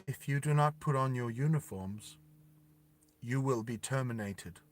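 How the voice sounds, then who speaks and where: A man voicing a cold humanoid female processing guard who speaks in flat commands. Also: medium pitch, a little slow, slight background noise, natural voice.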